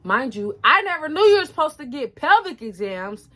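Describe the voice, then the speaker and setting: A woman in her twenties talking casually and animatedly to the camera, speaking straight to her viewers and dropping her voice low for asides. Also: normal speed. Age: 20s. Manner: chatty, animated, addresses viewers directly as y'all. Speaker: vlogger.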